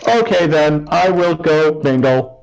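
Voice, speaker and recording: A man voicing a stiff, literal-minded robot-like construct that talks in a slow, stilted, formal way. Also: a little high, creaky, a little mellow, rough recording.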